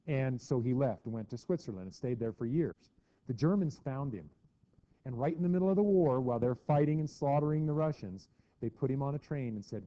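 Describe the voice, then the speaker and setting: A man's voice: medium pitch, expressive, fairly quick. A middle-aged man teaching a history lesson to a class in a chatty way, acting out quotes with mock voices. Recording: dull lo-fi classroom recording.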